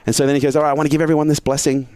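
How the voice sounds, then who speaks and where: A man from Australia, a guest on an interview podcast, telling a story fast and animated, swearing freely. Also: fairly high pitch, no echo, clean studio sound.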